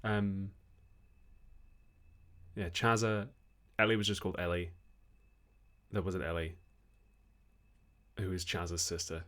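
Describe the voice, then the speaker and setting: A man's voice: sits low, level tone, a little slow, long pauses, a bit bright. A young man hosting a livestream, reading viewer questions and chatting in a rambling way, laughing often. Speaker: host.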